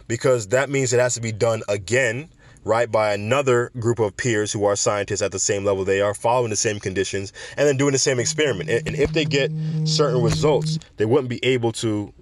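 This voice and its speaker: A man hosting a casual commentary show, talking in an animated, digressive way with wry asides. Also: on the low side, no echo. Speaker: podcast host.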